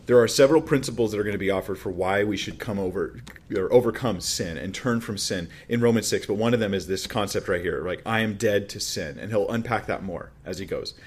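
Low-voiced man preaching a conversational sermon. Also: brisk, husky. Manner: conversational preaching with emphatic rises and restarts. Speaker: pastor.

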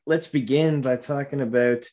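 A man's voice: mid-range voice, fairly even intonation, moderate pace, darkish tone. A man co-hosting a casual movie podcast, rambling with lots of fillers and restarts. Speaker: podcast co-host.

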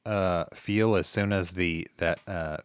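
A man co-hosting a music podcast, chatting casually with many pauses and fillers. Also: low-pitched, clear, resonant tone, no echo. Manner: relaxed, hesitant, many fillers. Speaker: podcast co-host. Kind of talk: casual chat about music.

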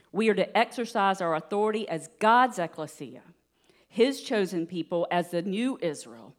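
A woman giving a sermon in an earnest, steady teaching manner, with light laughs now and then. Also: fairly low pitch. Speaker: preacher.

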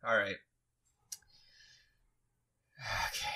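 A man playing a tabletop game, speaking in character in a deadpan, mock-threatening way. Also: on the low side, measured pace. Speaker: player.

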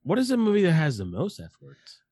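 This late-forties podcast co-host has a fairly high, warm, husky voice whose pitch swoops wildly, and he talks a little fast. He's watching a movie with a friend and chatting casually with profane, loose banter. It's a dry recording.

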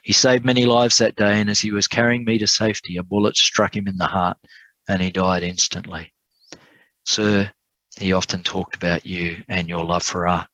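A man doing a humble, grateful young soldier who speaks softly and apologetically. His voice is low and dry. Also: steady tone, moderate pace, no room sound, poor audio.

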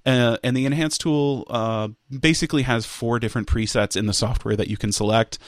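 A man's voice: medium pitch, fairly even intonation, fairly quick, no room sound, clean studio sound. A man casually explaining audio equipment step by step in an online interview, with frequent fillers and restarts. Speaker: audio product specialist guest. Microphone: headphones and studio microphone over an online call.

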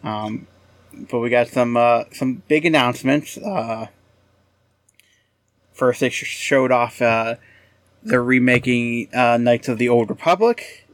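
A man's voice: medium pitch, takes it slowly, pauses often, no echo. A man from Pennsylvania co-hosting a gaming podcast, hesitant, with lots of uhs and short answers. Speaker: podcast co-host. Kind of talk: casual gaming podcast chat.

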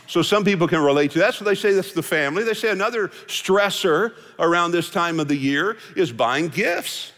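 A man's voice: high-pitched, normal speed, hardly any pauses. A man giving a sermon as pastor, folksy and joking. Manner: folksy, joking, animated delivery. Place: large hall with musicians. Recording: hall reverb from live service.

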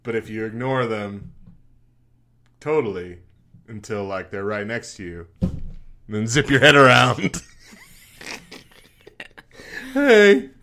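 Laughing, bright-voiced man. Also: fairly low pitch, unhurried, pauses often. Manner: chatty and self-mocking, laughs often. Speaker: podcast co-host. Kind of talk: casual chat.

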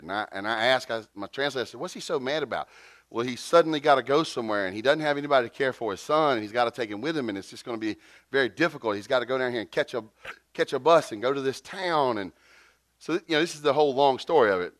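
A man, preaching a sermon and telling a story with lively jumps in pitch. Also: no room sound. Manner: animated, jumps to high pitch for quotes. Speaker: pastor.

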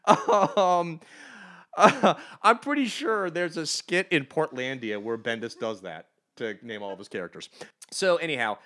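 Male podcast co-host, sarcastic animated ranter, bright tone. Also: on the high side. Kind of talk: comic book review podcast.

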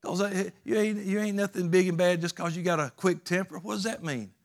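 A man delivers a sermon in a folksy, emphatic way. His voice sits a bit higher than most men's, and his rural turns of phrase give the preaching a homespun punch. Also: fairly quick, creaky.

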